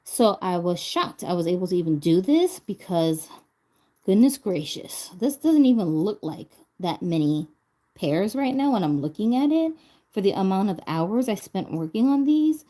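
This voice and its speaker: A woman's voice: medium pitch, big pitch swings, moderate pace, warm tone. A woman vlogger chatting casually as she crafts, laughing often and talking to herself while she recovers from a stroke. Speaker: doll vlogger.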